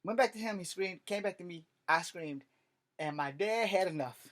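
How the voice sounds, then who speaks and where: A man's voice: high-pitched, moderate pace, a bit bright. A man casually telling a personal story, rambling and swearing with lots of fillers. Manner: rambling and profane, full of fillers. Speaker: vlogger.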